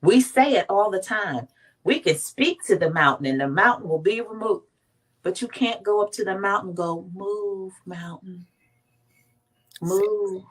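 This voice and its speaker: A woman's voice: mid-range voice, moderate pace, breathy edge. A woman from Washington, D.C., a guest on a faith talk show, speaking emphatically and acting out quotes. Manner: emphatic, animated storytelling with acted quotes.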